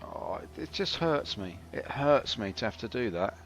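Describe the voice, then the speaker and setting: A man's voice: mid-range voice, sing-song, moderate pace, fairly bright tone. Wry man streaming a game. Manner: wry, self-mocking, chatty. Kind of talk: casual live-stream commentary. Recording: slightly dull stream audio with faint game music.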